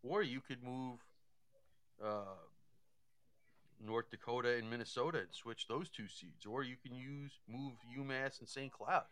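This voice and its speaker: A man's voice: medium pitch, a little slow, fairly bright tone, clear, resonant tone, dry recording. A man giving casual hockey analysis, thinking aloud and often repeating words as he goes. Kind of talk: casual sports talk.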